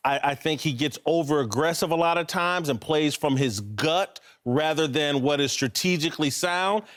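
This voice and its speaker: A man's voice: a little high, normal speed, a bit bright. A man on a sports talk show giving firm, opinionated takes. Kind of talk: casual sports radio talk.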